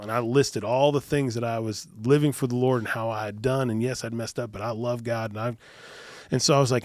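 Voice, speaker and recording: A man's voice: mid-range voice, a little fast, dry recording, clean studio sound. Earnest man telling a personal story. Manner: earnest, frequent restarts and repeated words. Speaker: podcast guest, youth minister. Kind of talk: personal storytelling in a casual interview.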